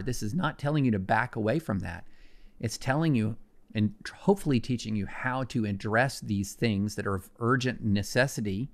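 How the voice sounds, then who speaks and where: A man speaking as a guest on a podcast, answering in an earnest, emphatic way with firm conviction. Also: fairly low pitch. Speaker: guest commentator. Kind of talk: podcast conversation.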